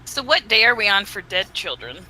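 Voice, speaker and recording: A player describes their character at a tabletop game, stopping and starting with many fillers. The voice is very bright and sharp. A faint hum sits behind it. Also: mid-range voice, sing-song, fairly quick, rough recording. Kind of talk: casual tabletop game chat.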